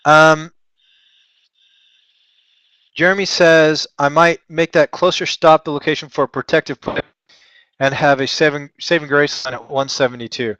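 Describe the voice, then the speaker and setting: A man from Texas runs a live trading lesson, talking through his ideas in a loose, chatty way. His voice sits a bit high for a man and is full of jokes at his own expense. The sound is dry and close. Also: steady tone, moderate pace, pauses often, a bit bright, clean tone, dry recording, highs cut off. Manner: chatty, joking and self-deprecating, rambling asides. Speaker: trading webinar host.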